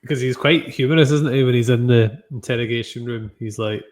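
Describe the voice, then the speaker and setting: A man's voice: mid-range voice, darkish tone. A man co-hosting a chat about a TV episode, offering careful, hedged readings. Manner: measured, analytical, hedging. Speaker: podcast co-host reviewing TV. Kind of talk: casual chat.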